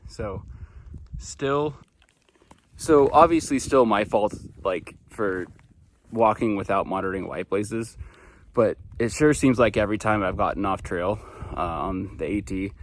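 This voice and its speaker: A man's voice: lowish voice, a little slow, a little hiss or hum. A man vlogging outdoors on a mountain trail, talking to a handheld camera in a chatty, self-deprecating way. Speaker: long-distance hiker filming his hike. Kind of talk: casual vlog narration to camera. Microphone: handheld camera or phone held while walking.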